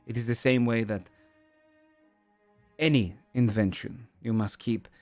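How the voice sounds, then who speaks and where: A man's voice: medium pitch, fairly even intonation, unhurried, darkish tone, dry recording, soft background music, natural voice. A man voicing a shrewd female councillor who explains her terms persuasively.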